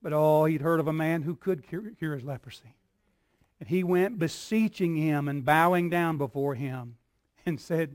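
A man preaching a sermon as pastor, building in repeated phrases and swinging from soft, low lines to loud cries. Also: normal speed, no room sound, studio quality. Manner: preaching with call-and-response rhythm, dropping soft then shouting.

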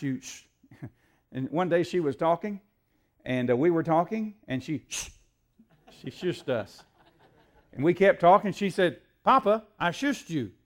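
An older man preaching a sermon to a church congregation, asking the crowd questions and building to loud shouts. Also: fairly high pitch. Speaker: pastor. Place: church sanctuary.

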